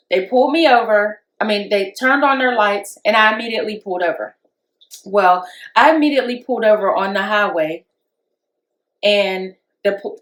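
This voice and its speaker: A woman co-hosts a podcast in a casual discussion, telling stories as an animated storyteller who acts out quotes with rising pitch. The recording is rough, with a roomy sound.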